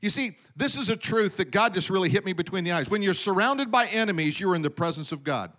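A man's voice: high voice, lively intonation, fast talker, fairly bright tone. A man preaching a sermon to his congregation, emphatic and calling for amens. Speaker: pastor. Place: church sanctuary with congregation.

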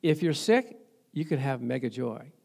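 A man's voice: medium pitch, expressive, normal speed, creaky, darkish tone, slightly rough. A male pastor preaching a sermon in a conversational way, asking the congregation rhetorical questions and acting out little stories. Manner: storytelling, acting out remembered exchanges.

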